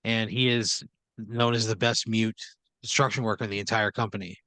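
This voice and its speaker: A man's voice: on the low side, steady tone, normal speed, pushed and bright, no echo. Man spinning a rambling improv story. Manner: rambling, filler-heavy, keeps checking in with "right?". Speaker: podcast host.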